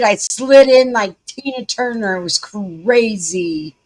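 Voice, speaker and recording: Slow-talking Southern woman livestream host. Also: mid-range voice, animated, a little mellow. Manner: chatty, folksy, addresses viewers as y'all. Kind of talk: casual live commentary. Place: home.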